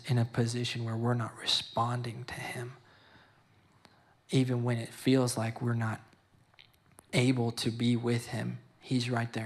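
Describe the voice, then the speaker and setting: A young man giving an emotional personal testimony at a youth service. He talks in halting bursts, repeats words and slips into preaching. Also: mid-range voice, flat delivery.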